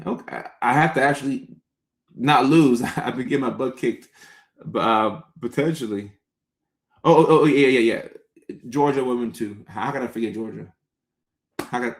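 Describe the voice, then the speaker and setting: A man's voice: mid-range voice, gravelly, echoey room. A man hosting a live stream, chatting casually and responding to viewer comments. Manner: laid-back, chatty, reads out viewer comments.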